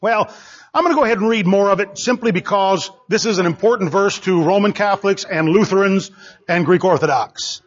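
A man's voice: high-pitched, fairly quick. A man preaching a sermon, emphatic and repeating phrases for stress. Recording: dull lo-fi sermon recording.

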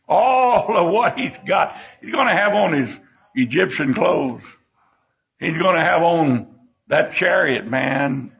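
An older man teaches a Bible lesson in a high, lively voice full of gravelly fry. His folksy telling turns emotional as he acts out the scenes, with a husky edge on the dull lo-fi recording.

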